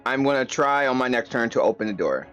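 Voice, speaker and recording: A man playing a tabletop game, eager and questioning, with bursts of in-character shouting. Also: medium pitch, animated, quick pace, soft background music. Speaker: player. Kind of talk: casual tabletop play. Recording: dull lo-fi sound.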